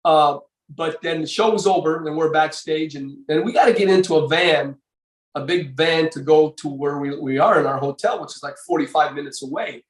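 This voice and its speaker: An older man recounting old times as a podcast guest, his voice sitting a little higher than most men's. He rambles, circles back and restarts his sentences often. He sounds set back from the microphone in a roomy, echoing space. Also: moderate pace, recorded from a distance. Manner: rambling, with many fillers and restarts. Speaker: podcast guest, former bodybuilder. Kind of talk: casual storytelling interview.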